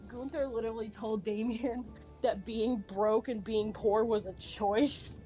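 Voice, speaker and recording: Rambling woman streamer with a raised pitch. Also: a little slow, soft background music. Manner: rambling, with many fillers and restarts; animated and swears casually. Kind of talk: casual chat while drawing.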